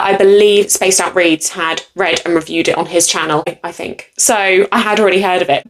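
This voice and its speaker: A bubbly young woman talks through her new books in a relaxed vlog. Her voice jumps up into excited squeals and then settles back into easy chat. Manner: bubbly and excitable, gushing with sudden high squeals. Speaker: booktuber. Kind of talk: casual book haul vlog.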